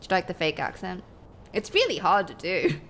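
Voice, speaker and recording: A woman's voice: lowish voice, normal speed, a bit bright, slight background noise. A woman game streamer rambling casually to her viewers, swearing freely. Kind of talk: casual live-stream chat.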